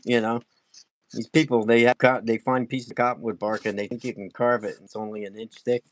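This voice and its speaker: A man teaching wood carving on a casual live stream, talking fast and excitably and laughing often. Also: mid-range voice.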